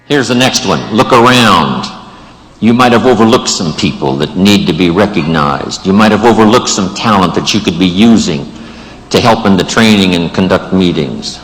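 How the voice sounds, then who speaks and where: A man with a fairly low voice delivers an emphatic motivational speech, stacking phrase upon repeated phrase. He addresses a live audience in a large room with tables, and his voice rings with a long hall reverb. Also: lively intonation, normal speed, a bit bright. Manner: repetitive rhetorical lists, emphatic. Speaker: motivational speaker.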